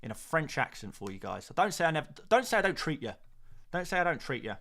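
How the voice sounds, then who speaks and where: A man chats casually on a live stream, joking with viewers and muttering to himself between points. His voice is bright, fairly high, and swings widely in pitch. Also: sing-song, fast. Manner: chatty, jokey, muttering asides. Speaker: streamer host.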